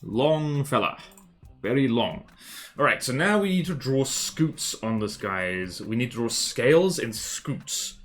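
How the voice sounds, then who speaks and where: A man's voice: medium pitch, lively intonation, measured pace, faint music behind. A young adult man casually chatting while drawing on a livestream, playful, jokey and rambling.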